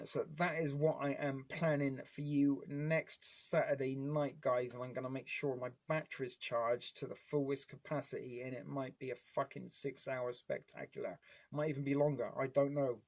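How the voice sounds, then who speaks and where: Man, 40s, home streamer: loose, profane, nostalgic, talks straight to his chat. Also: medium pitch. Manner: rambling, heavy swearing; nostalgic fan enthusiasm. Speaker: live streamer. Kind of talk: casual live-stream chat.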